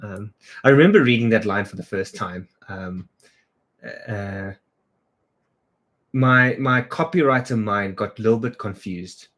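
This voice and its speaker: Speaking a little slowly with long pauses in a lowish, slightly bright voice, a South African man who's a creative director hangs out on a livestream. He greets viewers and responds to comments spontaneously.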